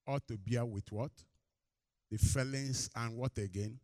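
Speaking unhurriedly with no room sound, this pastor preaches to his congregation and has them finish the lines of verses. His stories are animated and build in energy, getting high and loud in the anecdotes.

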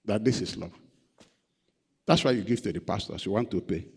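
A man's voice: lowish voice, brisk, creaky, breathy edge. A male pastor preaching a sermon. He repeats phrases and prompts the congregation to call out answers. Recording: long hall reverb.

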